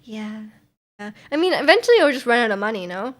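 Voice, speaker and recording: Chatty young woman with a high voice. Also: very animated, fast talker. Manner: rambling and chatty, laughs often, answers chat. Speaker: livestreamer. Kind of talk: casual chat.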